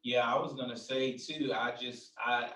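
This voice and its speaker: A man in a religious discussion, speaking haltingly as he chimes in to back up a point. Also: mid-range voice, little pitch movement, pushed and bright, roomy sound, recorded from a distance, low-quality recording. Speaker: discussion participant.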